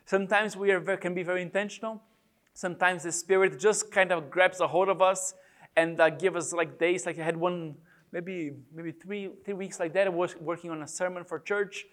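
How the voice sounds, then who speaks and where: A man preaching a reflective devotional talk on prayer, speaking in a halting way with many pauses and restarts. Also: sits high, steady tone, fairly bright tone.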